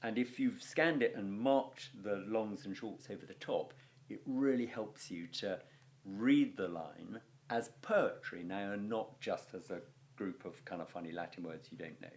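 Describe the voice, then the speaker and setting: A man's voice: fairly low pitch, unhurried, a little mellow. A man teaching a Latin video lesson, explaining verse scansion in a chatty, enthusiastic way with fillers and little sound effects.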